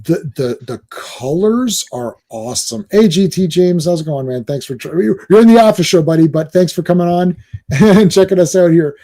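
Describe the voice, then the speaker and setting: A man hosting a live stream, ranting and swearing, dropping into quick impressions of other people. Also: high voice, animated, gravelly, warm tone. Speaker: host.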